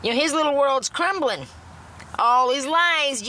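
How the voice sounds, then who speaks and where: High, bright-voiced woman ranting profanely. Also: animated, measured pace. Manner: profane, blunt and rambling. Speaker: TikTok livestreamer. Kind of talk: ranting casual monologue.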